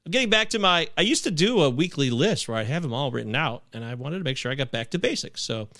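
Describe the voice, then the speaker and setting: On a casual live movie podcast, a male host with a voice on the high side rambles and chats, cutting himself off mid-sentence with quick laughs. His tone is expressive and sharp. The recording is studio quality with no room sound.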